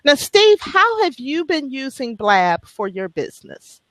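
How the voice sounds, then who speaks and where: A woman's voice: sits high, big pitch swings, measured pace, fairly bright tone, no room sound. A woman co-hosting a live video stream, chatting casually and asking guests enthusiastic questions. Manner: enthusiastic, friendly, interviewing.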